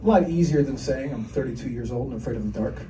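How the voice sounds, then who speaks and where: A man's voice: medium pitch, fast, dark tone, a little hiss or hum. A man in his thirties doing a crude, self-deprecating stand-up set and riffing with the audience. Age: 30s. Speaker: stand-up comedian. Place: comedy club stage with a laughing crowd. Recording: roomy live club sound from a distance.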